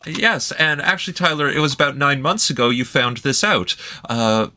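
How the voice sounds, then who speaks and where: A Canadian-accented man hosts a casual reaction video with a bright, forward voice at a middle pitch. He jokes and teases in a laid-back, easygoing way. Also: normal speed. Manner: joking, teasing, laid-back.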